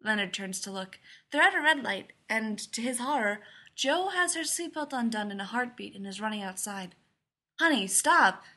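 A woman reading a story aloud in a lively, expressive way. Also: fairly high pitch, moderate pace, few pauses. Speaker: reader.

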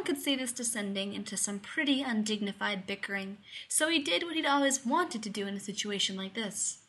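Woman narrating a story in a bright voice. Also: mid-range voice, fairly quick, hardly any pauses, husky. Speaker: story reader. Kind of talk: scripted narration.

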